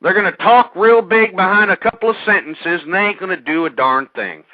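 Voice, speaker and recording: A man's voice: high-pitched, a little fast, no room sound. A man hosting a radio show, ranting at listeners in a hostile, angry way. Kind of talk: ranting talk radio monologue. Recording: tinny phone-like dry audio.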